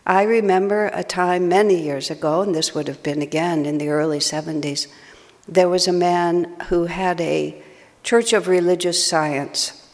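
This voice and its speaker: A woman's voice: lowish voice, steady tone, normal speed. Older woman telling a story in a hall. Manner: chatty, self-mocking, laughs often. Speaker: spiritual teacher. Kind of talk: talk with a personal story. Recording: long hall reverb.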